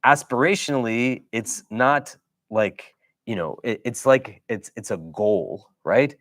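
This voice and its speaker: A man's voice: medium pitch, slow pace, fairly bright tone, no room sound. A middle-aged man from the United States, an imam giving a weekly religious lecture in a casual, conversational way, often checking in with "do you know?".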